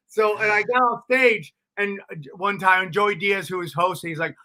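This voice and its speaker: Male comic guest, high and sharp, animated, swears freely, spins casual anecdotes. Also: a little slow, hardly any pauses. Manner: animated, profane, laughs at his own stories. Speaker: comedian guest. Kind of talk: casual storytelling interview.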